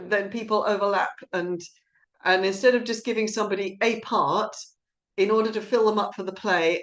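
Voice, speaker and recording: A woman directing and hosting an online play reading, chatting casually and rambling a little, with quick laughs between thoughts. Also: mid-range voice, fairly bright tone. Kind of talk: casual live-stream chat.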